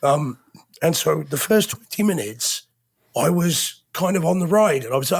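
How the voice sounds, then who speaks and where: English guy on a chat podcast, kinda gravelly and husky, bit of a cough, joking around. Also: fairly high pitch, expressive, moderate pace. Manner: chatty storyteller, teasing. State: has a cough. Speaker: podcast co-host. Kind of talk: casual chat.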